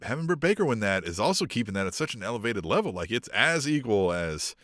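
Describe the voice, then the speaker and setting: A man's voice: lowish voice, sing-song, quick pace, a bit bright, no room sound, studio quality. A man co-hosting a wrestling podcast in casual banter, laughing easily and swearing offhandedly. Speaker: podcast co-host.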